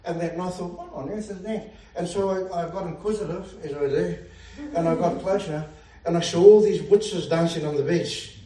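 A pastor's slightly high, mellow voice comes from far off in an echoey room, moving at a moderate pace with few pauses. Fervently preaching, he exclaims hallelujah often and laughs at his own jokes.

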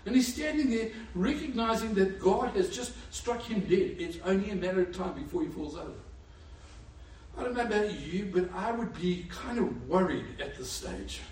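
A high-pitched man delivers a sermon, retelling a story with animated energy and bursts of laughter. He sounds set back from the microphone in a roomy, echoing space with a faint hum of ambience behind him. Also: normal speed. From Africa. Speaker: preacher. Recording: echoey room, far from mic.

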